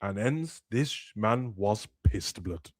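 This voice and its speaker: A man's voice: on the low side, animated, slow pace, dry recording, clean studio sound. A young man, chatting casually about football and acting out players' words in slangy talk. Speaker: football podcast host. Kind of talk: casual chat.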